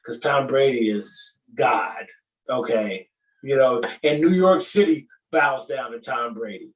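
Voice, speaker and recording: A man's voice: mid-range voice, measured pace, poor audio. A man with a Southern Atlanta accent hosting a casual podcast chat, teasing and repeating himself as he jokes. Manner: joking, teasing, repeats words. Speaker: podcast host.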